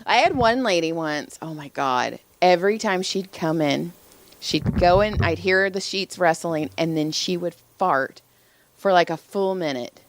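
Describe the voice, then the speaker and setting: A woman's voice: on the low side, lively intonation, measured pace. A woman co-hosting a podcast, casually telling stories with profanity and acting out the voices of people she quotes. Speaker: podcast co-host; massage therapist. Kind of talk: casual storytelling chat.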